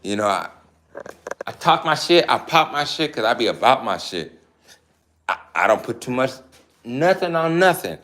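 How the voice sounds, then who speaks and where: A man's voice: medium pitch, sing-song, moderate pace, pauses often, fairly bright tone, slight background noise. A man who breeds dogs, ranting in a blunt, profane, boastful way and mocking his rivals. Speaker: dog breeder. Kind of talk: casual rant to camera.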